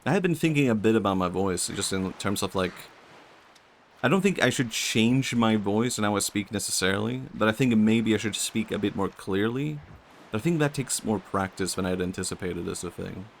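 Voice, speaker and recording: A young man with a Swedish accent and vocal fry, chatting softly and musing aloud while streaming a game. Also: lowish voice, lively intonation, brisk, a little hiss or hum. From Sweden. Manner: soft-spoken, musing, talks to chat. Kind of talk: casual game-stream chat.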